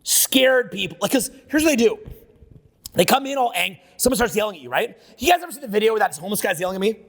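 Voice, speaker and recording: Brash, gravelly, high-voiced male seminar speaker. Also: lively intonation, fast talker, fairly bright tone, long reverb tail. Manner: brash, profane, riffing off the cuff. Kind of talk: live seminar talk. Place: seminar room with an audience.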